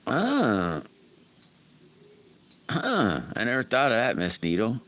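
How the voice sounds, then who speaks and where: A middle-aged man hosts a casual livestream, reading viewer comments and answering people by name in a chatty, folksy ramble punctuated by frequent chuckles. His medium-pitched voice is fairly bright, slow, and swoops wildly in pitch.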